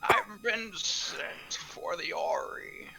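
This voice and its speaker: A gruff old man speaks in a slow, breathy whisper, as a man puts him on. His voice sits a little above an everyday speaking pitch and stays hushed and drawn-out. Every line sounds secretive. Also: huge pitch swings, heavily acted. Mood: mock-mysterious.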